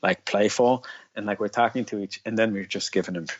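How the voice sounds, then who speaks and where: Husky low-voiced man rambling casually. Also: steady tone, brisk. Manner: rambling, leans heavily on "like". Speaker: guest musician. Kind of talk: casual storytelling. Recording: dull lo-fi sound.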